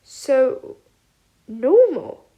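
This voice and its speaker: Woman reading a nervous self-conscious werewolf schoolboy, wary, high voice. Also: moderate pace, dark tone, echoey room. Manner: wary, hesitant.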